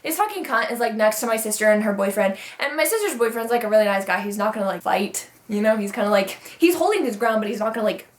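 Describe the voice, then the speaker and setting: A woman's voice: medium pitch, lively intonation, quick pace, hardly any pauses. A young adult woman telling stories in a casual vlog, ranting with heavy swearing. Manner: profane, heated ranting storyteller. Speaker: vlogger. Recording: roomy echo.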